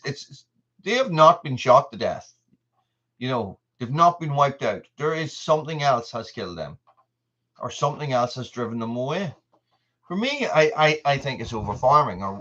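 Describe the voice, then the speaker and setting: Irish male host, mid-pitched, rambly live chat with viewers, slightly dull lo-fi sound. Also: pushed and bright. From Ireland. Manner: rambling, answers viewer comments by name. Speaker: channel host. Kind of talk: casual livestream chat.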